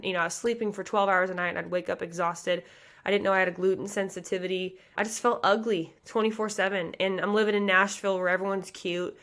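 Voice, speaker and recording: A woman's voice: mid-range voice, a bit bright. A woman in her thirties from the American Midwest, a pageant coach hosting her own podcast, talking earnestly and passionately, with many casual fillers. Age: 30s. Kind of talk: motivational podcast monologue.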